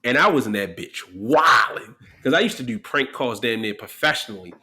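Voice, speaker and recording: A man's voice: medium pitch, expressive, brisk, pushed and bright. A man in his thirties, a podcast guest, telling profane stories in casual chat and acting out the quotes. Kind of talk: casual storytelling.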